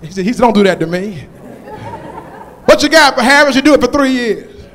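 A male pastor preaching a sermon with call-and-response, building to shouted climaxes. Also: extremely high pitch, expressive, normal speed, in a large hall, some chatter behind.

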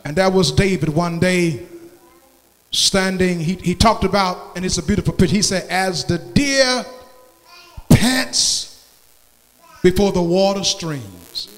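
Preacher, male: high voice, slow drawn-out delivery, shouts to whispers, long church-hall reverb. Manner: call-and-response preaching, swinging from shouts to hushed tones. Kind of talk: sermon. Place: church sanctuary.

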